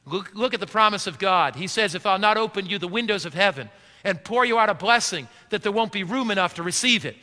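A man delivers a sermon as pastor, his voice high and strikingly bright. He tosses questions out for the congregation to finish, and the sound rings with a long hall reverb. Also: lively intonation, fast. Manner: call-and-response questions to the congregation.

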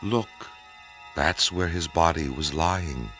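A man's voice: a bass voice, takes it slowly, bright, forceful tone, soft background music, heavily acted. A man playing a solemn angel in a radio drama, speaking with command. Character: solemn angel at the tomb, male.

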